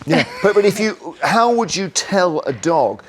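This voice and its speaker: An English man hosting a live TV studio segment, brisk and chatty as he steers the guests. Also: sits high, big pitch swings, fairly bright tone, a little hiss or hum. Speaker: TV host.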